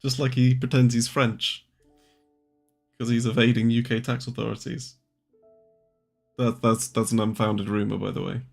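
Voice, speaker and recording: A man's voice: medium pitch, flat delivery, normal speed, gravelly, long pauses. A young man hosting a trading livestream. He chats casually, swears, and jokes while answering viewers' questions. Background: faint music.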